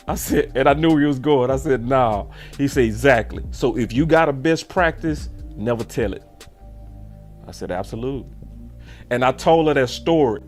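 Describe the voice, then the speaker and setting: A man telling a story in a casual, animated way and acting out the voices of the people he quotes. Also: medium pitch. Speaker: sports show host.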